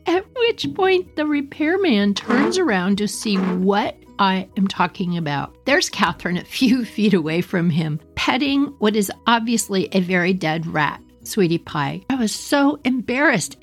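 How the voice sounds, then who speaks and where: A middle-aged woman hosting a podcast, telling a personal story in an animated voice that keeps breaking into chuckles. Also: mid-range voice, measured pace, few pauses, soft background music. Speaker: podcast host.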